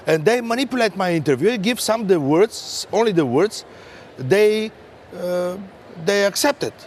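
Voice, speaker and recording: A man from Bulgaria speaking emphatic, halting English with frequent fillers, his voice sitting a little high for a man. Faint noise hums behind him. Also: animated. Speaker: member of European Parliament. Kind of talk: round table discussion.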